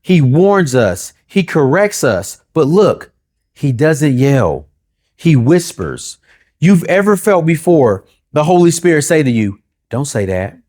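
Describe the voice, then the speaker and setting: A pastor preaching a sermon in rhythmic, repeated phrases and rhetorical questions, dropping to a low hush when he quotes God. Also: sing-song, slow pace.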